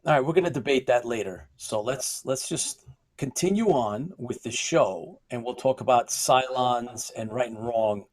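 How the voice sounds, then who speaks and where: An upbeat man hosts a live broadcast, calling out viewers by name and laughing easily. His voice sits at an ordinary middle pitch for a man. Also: moderate pace, no echo, low-quality recording. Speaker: host.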